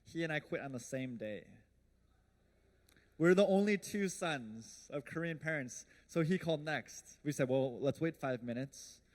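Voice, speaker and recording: A man's voice: on the high side, expressive, a little slow. A man in his early thirties giving a motivational storytelling talk on stage, chatty and quizzing his audience. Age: early 30s. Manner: conversational, asks the audience questions. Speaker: speaker, company founder. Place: event stage before an audience.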